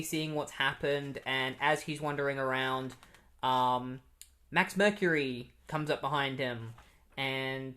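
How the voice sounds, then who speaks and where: A man giving a casual, rambling comic book recap, full of fillers and restarts, who gets animated when quoting characters. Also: medium pitch.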